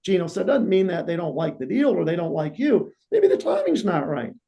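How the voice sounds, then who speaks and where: A man hosting a podcast interview, explaining things in a steady way with lots of "you know". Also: high-pitched, fairly quick, gravelly. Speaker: podcast host.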